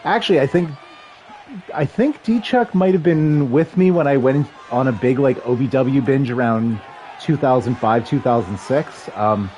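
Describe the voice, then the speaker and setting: A man in his thirties streaming a football video game, calling the plays and chatting with viewers in a rambling, excitable way. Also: mid-range voice, a little slow, a little hiss or hum. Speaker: livestream gamer and commentator. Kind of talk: casual play-by-play chat with chat.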